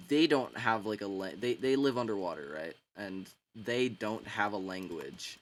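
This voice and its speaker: A man with a fairly low voice recaps a story in a loose, rambling way. He leans on filler words and slang and keeps an irreverent, offhand tone. A faint hiss sits in the background. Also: expressive, moderate pace, hardly any pauses. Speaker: book summarizer. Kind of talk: casual rambling retelling.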